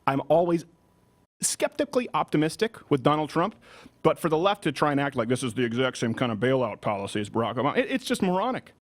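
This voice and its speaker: A man hosting a political commentary show from a studio, with an animated, mocking delivery. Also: mid-range voice, fast talker. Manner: animated, mocking, breaks into shouted impressions. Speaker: talk show host.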